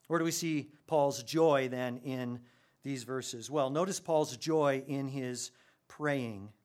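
A man preaching a sermon, animated, with his voice rising sharply when he gets excited. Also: a little high, moderate pace. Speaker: pastor.

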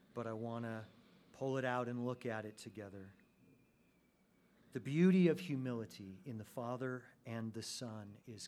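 A man preaching a sermon to his congregation, moving between hushed, slow emphasis and loud, fervent climaxes. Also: medium pitch. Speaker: pastor.

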